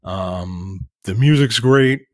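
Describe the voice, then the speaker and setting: A man's voice: on the low side, slow, darkish tone, no room sound. A dry-voiced man telling stories. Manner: storytelling, rambling with restarts and laughs. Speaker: podcast co-host. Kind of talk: casual chat.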